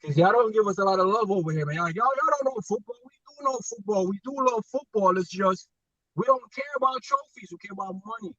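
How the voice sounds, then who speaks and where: Animated middle-aged American man on a dull distant line. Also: sits high, quick pace, dry recording. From United States. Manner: animated, joking, drawling slang. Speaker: caller. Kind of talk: casual call-in chat.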